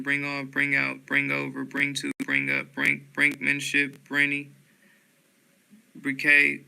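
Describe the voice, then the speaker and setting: Man, steady dictionary reader; bright, crisp and gravelly voice, slow monotone delivery. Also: on the high side, low-quality recording. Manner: slow, flat word-by-word reading with occasional stumbles and fillers. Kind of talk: reading dictionary entries aloud.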